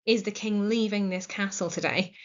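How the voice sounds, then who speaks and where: An English woman teaching a recorded literature lesson, explaining the scene clearly and encouragingly. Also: mid-range voice, fairly even intonation, moderate pace, dull audio.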